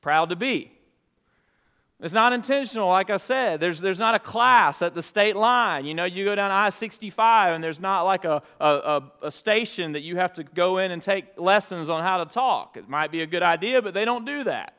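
A man's voice: high voice, normal speed, clear, resonant tone. A middle-aged man from Alabama, a pastor giving an earnest, conversational sermon. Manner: earnest, conversational preaching, hushed in prayer.

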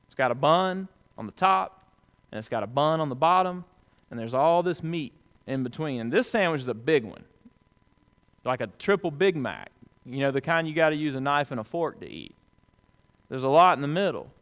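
A man preaching a sermon to a congregation, conversational and folksy, swinging between loud emphatic peaks and hushed low lines. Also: animated, moderate pace. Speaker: pastor.

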